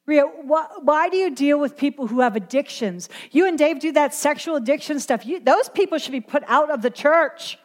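A woman's voice: high-pitched, animated, moderate pace, few pauses, pitched above the performer's own voice. A woman putting on a nagging, disapproving churchgoer. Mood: accusing. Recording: long hall reverb.

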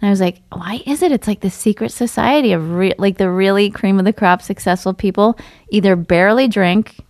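A woman's voice: medium pitch, fairly quick, a little mellow, no room sound, clean studio sound. A woman talking casually and frankly in a conversation, filling her speech with "like". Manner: chatty, lots of "like", frank.

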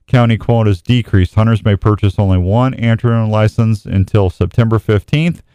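A man's voice: on the low side, a little mellow, clean tone, dry recording. A man hosting an outdoors radio show in a studio, chatting casually and rambling a little as he reads hunting and fishing reports. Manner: rambling, self-deprecating, reads reports aloud. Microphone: studio microphone.

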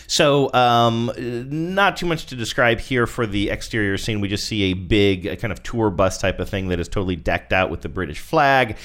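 A man's voice: fairly low pitch, moderate pace, few pauses, a bit bright. A man co-hosting a casual chat, joking and describing commercials. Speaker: podcast co-host. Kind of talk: casual chat reviewing ads.

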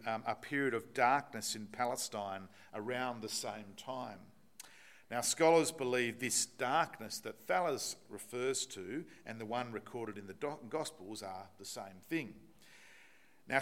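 A man's voice: mid-range voice, fairly bright tone. A man preaching a sermon, explaining a Bible passage and putting rhetorical questions to the congregation.

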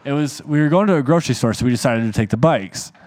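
A man's voice: medium pitch, lively intonation, fast talker, a little mellow, no echo. A man on a podcast telling a long story in casual chat, rambling and swearing freely. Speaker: podcast co-host.

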